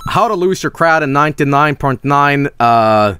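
Excitable swearing streamer, wildly animated. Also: male voice, on the high side, normal speed, music in the background. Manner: excitable, swearing, sudden yelps and shouts. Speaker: game streamer. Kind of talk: live gameplay commentary.

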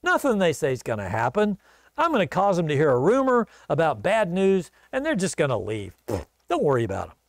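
A calm prophet brushes off the threat with an easy scoff, as a preacher acts him out. His voice drops lower and carries a gravelly edge. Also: brisk, dry recording, clean studio sound. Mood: dismissive. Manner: scoffing, nonchalant. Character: unbothered dismissive male old prophet.

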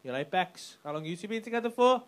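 A man doing brash, sweary stand-up crowd work on a comedy club stage, shouting his punchlines. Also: high voice, lively intonation, fast talker. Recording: live club with audience laughter.

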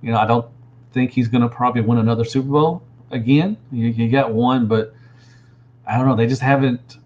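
A man's voice: medium pitch, steady tone, fairly quick, darkish tone, highs cut off. A man chatting casually as a toy reviewer, rambling and answering viewers as he goes. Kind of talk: casual livestream chat.

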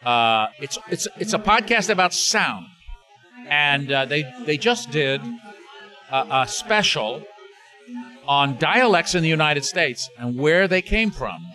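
Older man with a bright, forceful voice, telling stories in a loose, rambling way full of restarts and fillers. Faint music plays behind him. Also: fairly high pitch, expressive, slow pace. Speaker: interview guest, actor. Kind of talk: casual interview chat.

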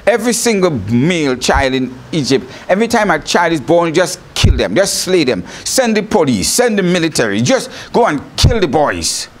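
A man's voice: fairly high pitch, sing-song, normal speed, few pauses. A man voicing a cruel Pharaoh who barks short commands. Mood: commanding. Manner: curt, giving orders.

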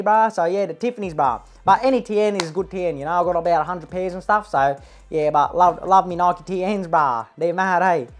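A woman's voice: medium pitch, lightly acted. A woman playing a brash young male eshay with an Australian accent, slangy and boastful, tagging every line with "bruh" and "lad", in a comic parody vlog. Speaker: comedy parody host.

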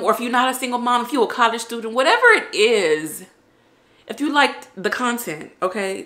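This young woman's voice is a little high and sharp-toned, recorded in an echoey room. In her casual vlog she's emotional at first, then upbeat and chatty toward her audience.

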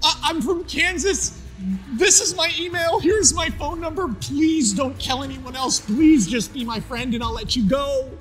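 A man's voice: very high-pitched, normal speed, soft background music. A man voicing a lonely young male superhero who pleads anxiously and tearfully.

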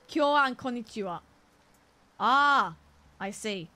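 A woman's voice: mid-range voice, animated, normal speed, fairly bright tone. A woman streamer chatting casually over a game, playful and giggly as she sounds out Japanese words.

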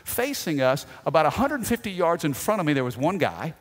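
A man preaching a sermon as pastor, telling stories with animated delivery and shouting out quoted lines. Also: on the high side, fairly quick. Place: church sanctuary. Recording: long hall reverb.

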